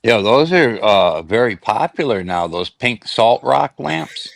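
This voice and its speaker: A man's voice: medium pitch, very animated, unhurried, creaky, dry recording. A man hosting a casual comedy chat, laid back, greeting viewers and feeding his guest. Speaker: show host.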